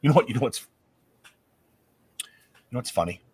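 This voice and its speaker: A married man co-hosting a casual chat, telling stories with animated, opinionated swings and some swearing. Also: mid-range voice, moderate pace, breathy edge. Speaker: podcast co-host.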